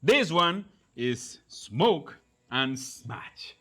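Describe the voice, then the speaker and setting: A man's voice: a little high, big pitch swings, extremely slow, heavy background noise. A man hosting a casual cooking and tasting video, exclaiming over the food in loose, non-standard grammar. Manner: enthusiastic, exclaiming over flavors. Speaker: cooking show host.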